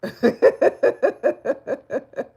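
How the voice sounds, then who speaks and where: A woman's voice: extremely slow, dark tone. A woman, chatting candidly on a live stream and laughing often. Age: 40s. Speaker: livestreamer. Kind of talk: casual live-stream chat.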